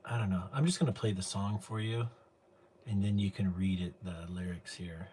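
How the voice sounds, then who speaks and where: Guy with a low voice hosting a stream, rambling and hesitant, faint noise behind. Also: normal speed, a little mellow. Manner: rambling, hesitant, full of fillers. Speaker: show host. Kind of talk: casual livestream chat.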